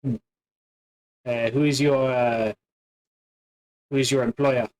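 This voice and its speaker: A man's voice: medium pitch, flat delivery, takes it slowly, a little mellow, natural voice. A man playing a weary, guarded woman. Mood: calm, probing.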